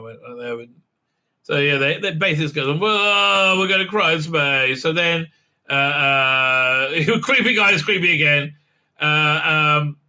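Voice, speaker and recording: A man's voice: fairly high pitch, bright, forceful tone, rough recording. A man hosting a sarcastic, casual TV episode recap, mocking and rambling with many fillers. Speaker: host and TV reviewer.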